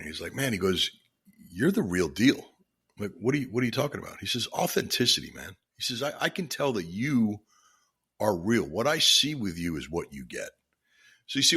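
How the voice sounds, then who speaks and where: A man's voice: deep voice, a bit bright, slightly rough. A middle-aged man hosting his own podcast, telling a personal story alone in an earnest, heartfelt way with many restarts. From Florida. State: choked up with emotion. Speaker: podcast host. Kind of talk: reflective solo podcast monologue.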